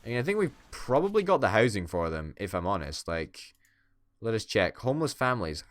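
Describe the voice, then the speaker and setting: Male gaming commentator, playful mock-villain banter, low pitch, dry mic. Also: sing-song, brisk, no room sound. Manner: playful, swearing, mock-dictator bluster. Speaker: gaming YouTuber. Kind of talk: casual let's-play commentary.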